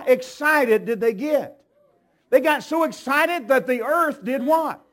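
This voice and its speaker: High-voiced man preaching a lively sermon. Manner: animated preaching, swinging from low and slow to shouted exclamations. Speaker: pastor.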